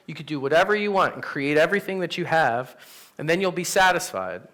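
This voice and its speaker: A man, a pastor, teaching an adult Sunday class in a church room, telling stories in a casual, animated way. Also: fairly high pitch. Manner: animated, storytelling, conversational with fillers. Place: church classroom with teens present.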